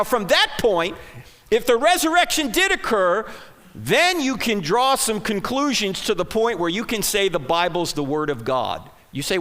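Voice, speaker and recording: Punchy high-pitched New preacher. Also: male voice, fairly bright tone, in a large hall. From New Jersey. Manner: punchy, joking, rhetorical questions. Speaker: conference speaker. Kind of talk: sermon-style talk to a live audience. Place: church auditorium.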